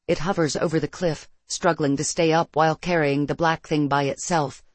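A narrator reading a first-person science-fiction story in a steady, measured way. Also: mid-range voice, no echo.

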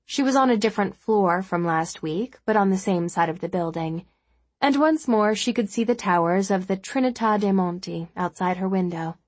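Woman reading a novel audiobook, breathy voice, super dry recording. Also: medium pitch, dry recording. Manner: steady, measured storytelling. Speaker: audiobook narrator. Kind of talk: scripted narration.

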